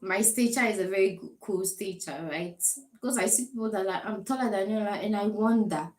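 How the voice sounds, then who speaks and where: A woman's voice: medium pitch, a little fast. Chatty Ghanaian woman vlogging in an echoey room. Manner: chatty, animated, laughing asides. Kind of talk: casual storytelling to camera.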